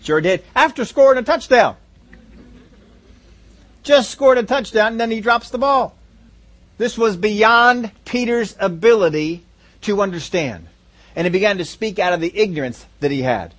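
A man preaching a sermon, animated, repeating phrases for emphasis and acting out a crowd's reactions. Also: sits high, normal speed, long pauses. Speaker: pastor.

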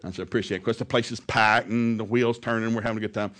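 A middle-aged male preacher telling a humorous story in a sermon, animated, laughing often and acting out the voices of people he quotes. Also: lowish voice, very fast.

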